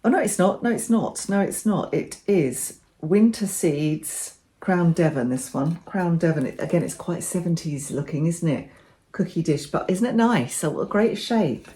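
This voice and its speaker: A woman's voice: on the low side, expressive, moderate pace, mellow. Chatty woman showing bargain finds. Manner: chatty and enthusiastic, gushing over finds. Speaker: vlogger. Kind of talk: casual show-and-tell chat.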